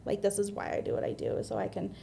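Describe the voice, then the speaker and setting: A woman's voice: mid-range voice, flat delivery, quick pace, creaky, dark tone, a little hiss or hum. An American woman in her thirties, a guest on an interview show, talking candidly and earnestly with fillers and restarts. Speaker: guest, admissions medical assistant.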